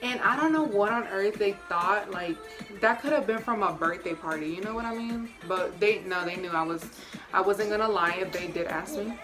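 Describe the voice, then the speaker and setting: A woman's voice: mid-range voice, normal speed. A young woman vlogger chatting casually and telling a personal story straight to her viewers, full of slang. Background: music.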